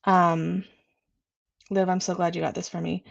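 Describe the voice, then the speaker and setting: A young woman from California hosting a casual livestream, chatting in a bubbly, gushing, excitable way. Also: lowish voice, unhurried, gravelly, dry recording, highs cut off. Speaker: livestream host.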